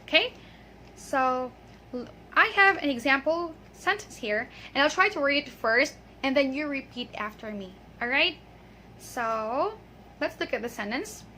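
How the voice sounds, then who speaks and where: A young woman giving an upbeat English pronunciation lesson, often saying okay and slowing down to drill words. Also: high voice, expressive, sharp tone, a little hiss or hum. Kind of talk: casual video lesson.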